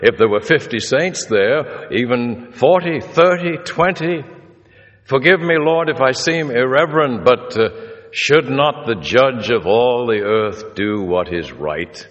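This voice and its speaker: A man's voice: medium pitch, expressive, unhurried, dull audio, lightly acted. A male preacher voicing Abraham in a sermon, an older man pleading earnestly. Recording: reverberant hall.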